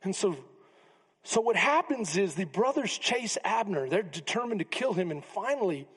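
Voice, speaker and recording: A male pastor delivers a lively sermon and acts out the Bible characters with humor. His voice sits high and a little husky. It carries the long ring of a church hall. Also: normal speed. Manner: animated storytelling, acting out quotes with humor. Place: church sanctuary.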